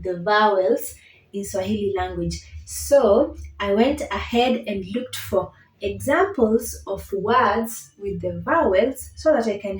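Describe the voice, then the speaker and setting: Patient woman teaching in an echoey room. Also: mid-range voice. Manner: patient, encouraging, checks in with "okay?" often. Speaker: language teacher. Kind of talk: beginner language lesson, repeat-after-me drills. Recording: roomy, distant mic.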